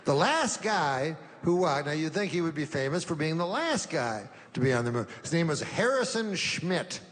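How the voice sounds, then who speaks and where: Deadpan male stand-up comic, lively pitch. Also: in a large hall. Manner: dry, deadpan storytelling with halting pauses. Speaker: stand-up comedian. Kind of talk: stand-up comedy set. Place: comedy stage.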